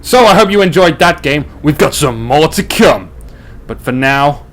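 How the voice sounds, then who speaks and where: A man giving casual, excitable commentary over a live strategy game, joking with the players, with hiccups. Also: fairly high pitch, moderate pace. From Australia. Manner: chatty, excitable, jokey.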